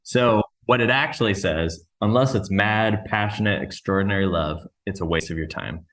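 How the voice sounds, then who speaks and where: A man's voice: lowish voice, normal speed, a bit bright. A man hosting a podcast in casual chat, joking and self-deprecating. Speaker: podcast host.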